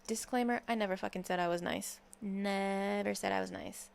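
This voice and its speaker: Blunt, sarcastic young woman with vocal fry. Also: medium pitch, moderate pace. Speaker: commentary YouTuber. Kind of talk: casual commentary rant.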